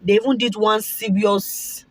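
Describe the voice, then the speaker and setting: Nigerian woman vlogger, slightly husky and dry-sounding, animated storyteller who repeats herself and drops into Pidgin. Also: mid-range voice, measured pace, dry recording. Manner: animated and repetitive, slipping into Pidgin asides. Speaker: vlogger sharing a fertility story. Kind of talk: casual personal storytelling.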